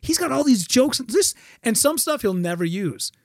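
Male storyteller, high and very lively pitch, casual and profane, dry close recording. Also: moderate pace, no echo. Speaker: guest.

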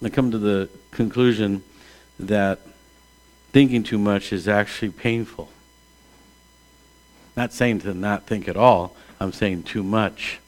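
A man in his sixties, a pastor, preaching a conversational sermon that moves between hushed asides and emphatic calls. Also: fairly low pitch, fairly even intonation, slow, long pauses. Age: 60s.

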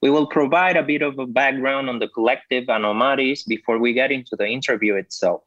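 A man co-hosting an academic podcast, reading a script in a measured way. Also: mid-range voice, fairly bright tone, dry recording, dull audio. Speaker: podcast co-host, professor.

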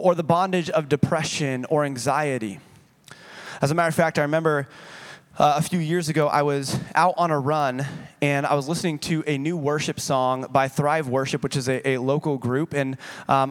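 Man preaching a sermon, fairly high voice. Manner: storytelling, repeats key lines for emphasis. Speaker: pastor. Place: church sanctuary.

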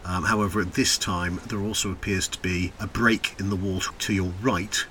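A man narrating a tabletop role-playing game as game master, unhurried and descriptive, with fillers. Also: deep voice, steady tone, pushed and bright, slight background noise.

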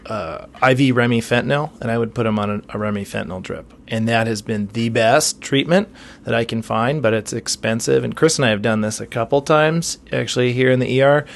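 Gravelly emergency doc, plainspoken podcast guest, matter-of-fact. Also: male voice, mid-range voice. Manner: frank, matter-of-fact clinical teaching. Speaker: emergency physician. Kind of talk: casual medical podcast talk.

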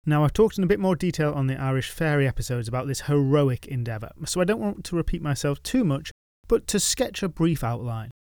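A man's voice: fairly high pitch, a little fast, no echo, clean studio sound. Wry male folklore storyteller. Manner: wry, deadpan humour. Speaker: storytelling podcast host. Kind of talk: scripted folklore narration.

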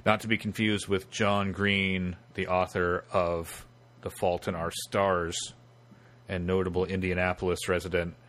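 A man's voice: sits low, flat delivery, unhurried, a bit bright. A man co-hosting a podcast, telling a story with sarcastic asides in casual chat. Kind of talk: casual podcast chat, reading excerpts aloud.

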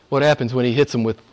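A man's voice: mid-range voice, a little mellow. A man preaching a sermon to his church, emphatic, often repeating phrases and asking his listeners to agree. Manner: emphatic, repeats phrases, asks "right?" of the congregation. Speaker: pastor. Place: church service.

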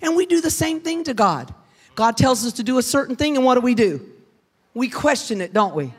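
Give me a middle-aged woman with a drawl, preaching from a church platform. She talks in an animated, folksy way, tells homey stories and keeps tossing questions out to the congregation. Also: on the high side, fairly quick, slightly rough. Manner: animated, chatty, folksy, addresses the room with questions. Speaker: pastor's wife preaching to a congregation. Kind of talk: humorous storytelling sermon. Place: church sanctuary with a live congregation.

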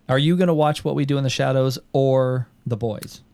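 A young man hosting a podcast in casual chat, who swears freely and tells animated stories with quoted voices. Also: mid-range voice, unhurried, creaky, smooth, dry recording. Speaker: podcast host.

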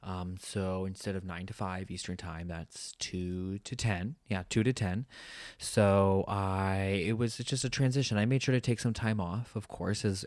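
Laid-back low-voiced man, dry sound. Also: dry recording. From United States. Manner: laid-back, joking asides. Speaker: podcast co-host. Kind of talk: casual chat.

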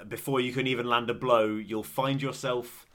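A man's voice: medium pitch, fairly even intonation, normal speed, a bit bright. A young English man co-hosting a podcast in casual chat, laughing often and rambling with frequent restarts. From England. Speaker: podcast co-host.

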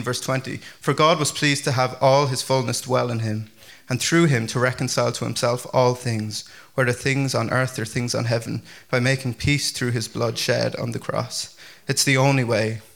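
Bright-voiced man preaching casually. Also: mid-range voice, normal speed, gravelly, hardly any pauses. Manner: chatty, animated, many fillers and restarts. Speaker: pastor. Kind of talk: casual conversational sermon.

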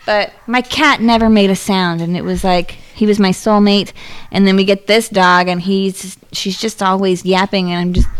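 A woman's voice: medium pitch, steady tone, normal speed, clean tone. A woman co-hosting a podcast, chatting casually and telling blunt, exasperated stories about her family and pets. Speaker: podcast co-host. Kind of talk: casual chat.

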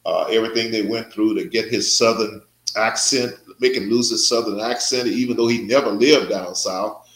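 A man's voice: on the low side, fairly even intonation, moderate pace, fairly bright tone, roomy sound, low-quality recording. An older man hosting a podcast, talking in a rambling, hesitant way with many fillers. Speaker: podcast host. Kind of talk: casual interview.

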